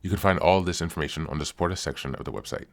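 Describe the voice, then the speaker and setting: Male podcast host, very low voice, steady read-through of show announcements. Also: rapid-fire. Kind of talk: scripted podcast announcements and intro.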